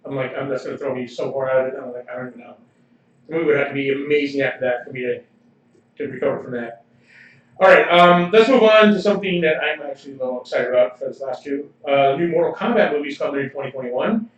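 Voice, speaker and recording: A man's voice: mid-range voice, fast. A man co-hosting a podcast in casual chat, opinionated and laughing often. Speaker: podcast co-host. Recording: roomy, distant, slightly dull livestream audio.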